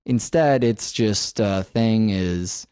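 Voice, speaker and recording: A man's voice: lowish voice, takes it slowly, warm tone, smooth, no room sound, studio quality. A man co-hosting a podcast, chatting casually about horror films and thinking aloud with many fillers. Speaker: podcast co-host. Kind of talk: casual film discussion.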